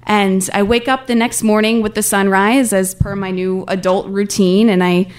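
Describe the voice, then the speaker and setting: A woman's voice: mid-range voice, little pitch movement, normal speed. Young adult woman storyteller, mid-range voice, earnest and candid, casual phrasing. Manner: earnest, candid, conversational with frequent "like". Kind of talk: personal storytelling.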